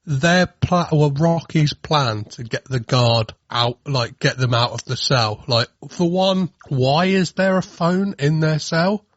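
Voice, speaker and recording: A man with a slightly high voice chats on a podcast, full of restarts and stammers. The sound is dry and close, with a dull, lo-fi podcast quality. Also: slow pace, few pauses, no room sound. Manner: animated, stammering restarts, slips into mocking silly voices. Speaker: podcast host. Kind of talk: casual chat.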